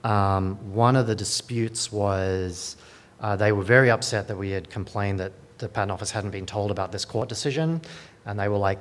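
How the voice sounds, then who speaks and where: Dry, sardonic man with a lowish voice. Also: moderate pace. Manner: dry, sardonic, many fillers and restarts. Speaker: lawyer at a digital rights group. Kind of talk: conference talk.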